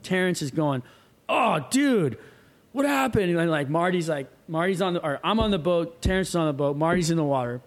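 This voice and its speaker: Animated surfer man telling a story. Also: on the high side, fast talker, hardly any pauses. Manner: animated, acts out quoted voices, swears freely. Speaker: guest. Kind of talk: casual storytelling.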